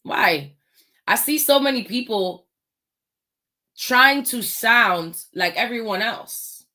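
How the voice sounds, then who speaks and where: Slow, bright-voiced woman giving a motivational talk. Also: fairly high pitch. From United States. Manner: slow, emphatic, with pointed rhetorical questions. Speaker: host.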